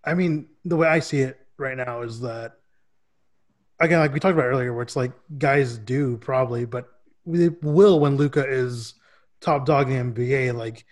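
A man co-hosting a sports podcast, giggly and full of fillers like "you know" and "like". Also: mid-range voice. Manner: giggly, filler-heavy, quick. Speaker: podcast host. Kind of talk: casual sports podcast chat.

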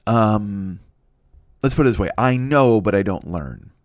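A man's voice: fairly low pitch, lively intonation, measured pace, dry recording, clean studio sound. A man in his fifties hosting his own show, talking alone in a rambling, profane, self-deprecating way with many restarts. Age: 50s. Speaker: podcast host. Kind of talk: casual solo monologue.

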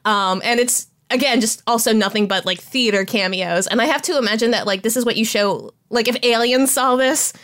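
A woman co-hosting a podcast in casual chat, excited and rambling, laughing often and restarting her sentences. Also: a little high, a little fast, hardly any pauses. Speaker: podcast co-host.

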